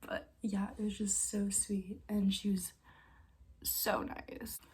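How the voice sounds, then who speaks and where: A woman's voice: medium pitch, little pitch movement, slow pace, a little mellow, breathy edge. A young woman from Canada telling a casual storytime as a vlogger, chatty with lots of filler words and often half-whispering.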